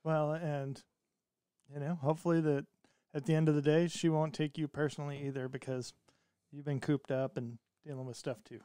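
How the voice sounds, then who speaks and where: A man's voice: on the high side, little pitch movement, moderate pace, warm tone, clean tone, no room sound, studio quality. A man co-hosting a casual podcast, talking in an easygoing, reflective way with jokes. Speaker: podcast co-host. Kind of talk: casual chat.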